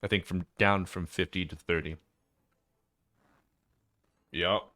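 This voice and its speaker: A man's voice: low voice, steady tone, slow pace, pauses often, pushed and bright, no echo. A man casting a game draft on a live stream, casual and chatty, thanking viewers between picks. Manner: chatty, laid-back, reads out chat names. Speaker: esports caster.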